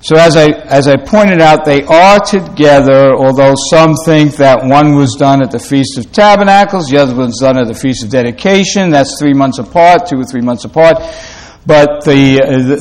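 A man preaching a sermon in a slow, halting way, with many fillers and restarts. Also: medium pitch, darkish tone. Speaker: pastor.

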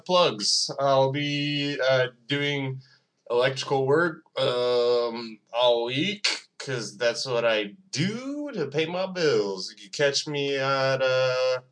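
A man's voice: medium pitch, expressive, slow pace, a bit bright. A man hosting his own podcast, rambling alone in a profane, self-mocking casual monologue. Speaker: podcast host.

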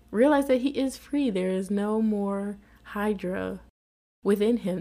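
A woman talks through a TV episode in a casual, chatty recap. Her voice sits at a middle pitch, and she is expressive and quick to laugh. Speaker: TV episode reviewer.

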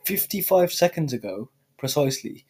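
A man's voice: fairly high pitch, expressive, normal speed, darkish tone, slightly rough. A young man, co-hosting a podcast in casual banter, teasing dryly and playing the clever one. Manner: dry, teasing, mock-clever. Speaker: podcast co-host.

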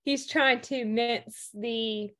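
Slow, higher-voiced woman. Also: steady tone, pushed and bright. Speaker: podcast co-host. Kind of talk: casual chat.

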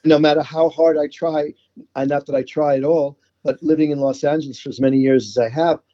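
A man's voice: a little high, steady tone, a little fast, dark tone, muffled recording. A middle-aged to older man with a New York accent, telling stories from his life in a chatty interview, often repeating words as he starts a thought. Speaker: songwriter guest. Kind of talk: interview conversation.

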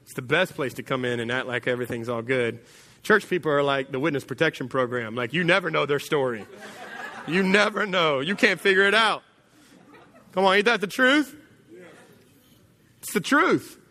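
A pastor preaching a sermon in a church, telling a story conversationally and dropping to a quiet voice for emphasis. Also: male voice, on the high side, animated, moderate pace, long pauses, big-room sound.

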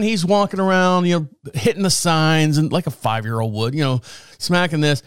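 Male host with a fairly high, smooth voice, telling a wry, rambling comic story. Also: lively intonation, moderate pace, a bit bright, dry recording, clean studio sound. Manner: rambling, wry, chuckling asides. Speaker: podcast host. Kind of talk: casual comic storytelling monologue.

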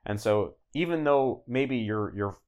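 Medium in pitch, smooth and a bit slow, this man's voice carries a long, easygoing explanation as a podcast guest. He's learning a language and keeps restarting, sprinkling in fillers and lots of "like."

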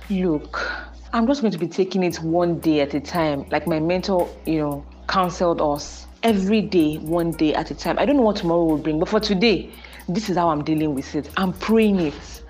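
A young woman with a Nigerian accent talks through faith and marriage in a casual solo podcast. Her voice sits a little low, and she presses her points with earnest, repeated warnings. Faint music plays softly underneath her. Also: moderate pace, slightly rough. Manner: earnest, preachy, animated with emphatic repetition. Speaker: podcast host.

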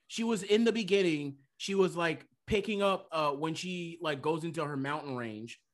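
A man's voice: on the high side, normal speed. A man talking casually and emphatically about a movie, repeating his points with friends. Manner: animated, emphatic, repeats himself. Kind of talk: casual movie review chat.

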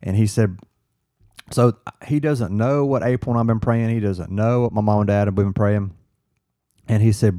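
A man, a firefighter guest, telling an earnest story in casual chat, halting and restarting as he quotes what others said. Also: on the low side, mellow, no echo, studio quality.

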